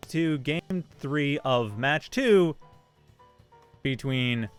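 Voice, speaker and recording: A man calling a mobile shooter esports match live, with quick play-by-play and casual banter. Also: medium pitch, animated, clean tone, faint music behind. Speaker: esports caster.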